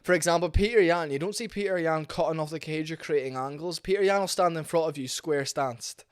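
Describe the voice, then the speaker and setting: A man's voice: on the high side, fairly quick, clear, resonant tone. A man ranting bluntly in a casual, sweary vlog about fighting. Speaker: MMA commentary vlogger. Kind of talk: opinionated casual rant.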